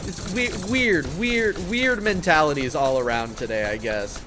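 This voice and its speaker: A man's voice: fairly high pitch, measured pace, pushed and bright, faint music behind. A man streaming a video game live, talking to chat in a profane, exasperated rant. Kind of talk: live gaming stream commentary.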